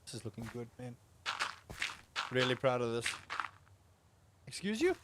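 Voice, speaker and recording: Heavy background noise surrounds this young streamer, whose mid-range voice is very animated yet unhurried. It's a relaxed gameplay livestream: he rambles, entertains himself, and addresses both his chat and the game on screen.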